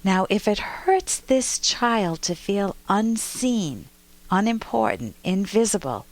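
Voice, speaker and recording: A woman psychologist and podcast host gives relationship advice and tells lively, detailed stories. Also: mid-range voice, slow pace. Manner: warm, lively storytelling with vivid detail. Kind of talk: relationship advice talk and storytelling.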